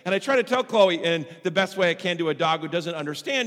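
A man pastor preaching a sermon with strong emphasis, swinging between loud and soft passages. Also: sits high, expressive, fast, few pauses. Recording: long hall reverb.

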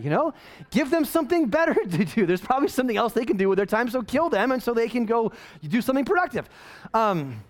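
Woman pastor giving a laid-back sermon, jokey and self-mocking, voice jumps around a lot. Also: fairly high pitch. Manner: casual, joking, self-deprecating storytelling. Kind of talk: conversational sermon.

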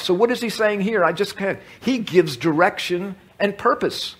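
A man's voice: sits high, normal speed, husky. A man leading a Bible study class for a large group, talking through scripture in a conversational way, repeating words and asking the room questions. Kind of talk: teaching talk to a group.

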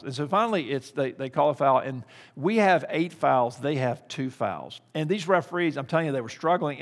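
A man's voice: mid-range voice, big-room sound. A middle-aged man preaching a sermon, telling a story and then building into emphatic preaching.

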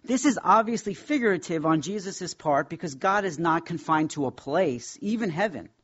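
A man teaching a Bible class, speaking in an emphatic, reverent way and slowing down to stress key words. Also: on the high side, lively intonation, a bit bright, breathy edge, highs cut off.

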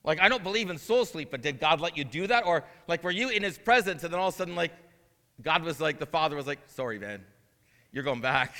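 Speaking fast and animated, the interim pastor's voice runs on the high side, bright and forceful, echoing with long reverb through the church sanctuary. Between scripture readings, his earnest asides climb toward emphatic proclamation.

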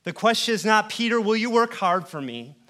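A man preaching a sermon in a church, earnest and rhetorical, building with repetition and dropping to hushed tones. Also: sits high, expressive, a little fast. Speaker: pastor.

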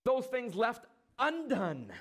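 A preacher with a high voice delivers a sermon. He asks rhetorical questions, pauses for effect and briefly acts out the lines he quotes. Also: very animated. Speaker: pastor.

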